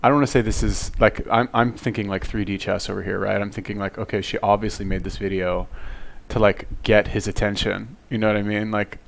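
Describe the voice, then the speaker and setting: A man's voice: on the low side, fairly even intonation, fairly quick, creaky. A man giving casual reaction commentary, rambling with lots of fillers and restarts.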